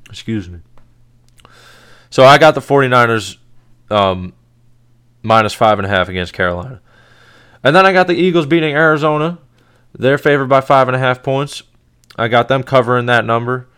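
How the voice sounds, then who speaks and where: Man, podcast host, casual sports talk, blunt, chatty, laughs often, smooth clear voice, mid pitch.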